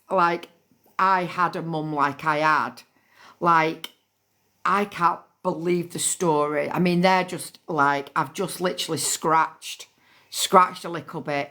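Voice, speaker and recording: A woman's voice: low voice, a bit bright. Chatty woman on a phone livestream. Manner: chatty, thanks viewers by name, swears freely. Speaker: livestream host. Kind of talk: casual livestream chat.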